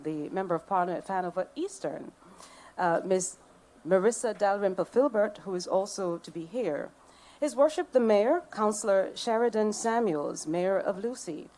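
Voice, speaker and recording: A woman with a Jamaican accent emcees a public event from a podium microphone, reading out dignitaries and playfully bantering with the crowd in a ceremonial address. Her voice is mid-range with a darkish tone.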